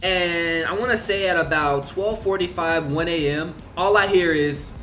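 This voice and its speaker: A man's voice: on the high side, normal speed, over music. A young man casually telling a long personal story, rambling with lots of fillers and swearing. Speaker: vlogger.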